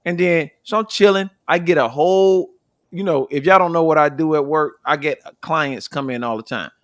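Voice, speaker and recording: A man co-hosting a casual podcast, telling stories in an animated, profane way with loud bursts. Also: fairly high pitch, moderate pace, dry recording, studio quality. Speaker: podcast co-host.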